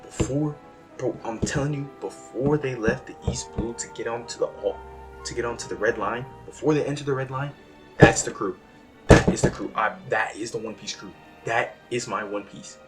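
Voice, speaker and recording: A young man talking in a casual, rambling monologue that is self-deprecating and jumps from quiet musing to loud outbursts. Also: mid-range voice, moderate pace, far from the mic. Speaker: vlogger. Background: background music.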